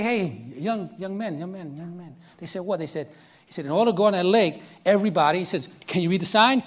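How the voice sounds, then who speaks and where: A middle-aged man preaching in a fairly high voice. He tells the story animatedly, acting out each voice in the quotes. He keeps turning to the listeners to ask if they are following him. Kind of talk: sermon storytelling.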